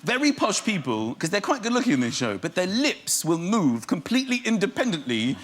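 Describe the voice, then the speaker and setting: A man's voice: sits high, brisk. A middle-aged man, a comedian guest on a chat show, telling rambling comic anecdotes. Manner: rambling, animated storytelling with laughs. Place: TV studio with live audience.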